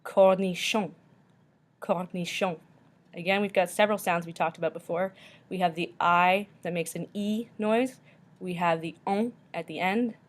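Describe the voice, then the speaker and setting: A woman teacher slowly walking through a pronunciation lesson, repeating each word carefully. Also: fairly low pitch, steady tone.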